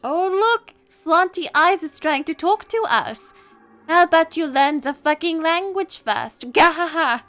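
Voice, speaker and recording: A woman's voice: very high voice, steady tone, normal speed, a bit bright, soft background music, voice pushed up. A woman voicing a crude, taunting young male street thug with a mocking, put-on street accent while reading a game aloud. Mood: jeering menace.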